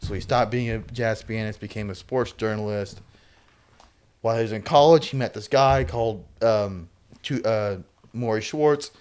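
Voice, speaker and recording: Male podcast co-host, lowish voice, casual chat that rambles and restarts. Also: normal speed, a little mellow, clear, resonant tone. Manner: chatty, rambling explanations with many restarts. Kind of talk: casual chat about acting.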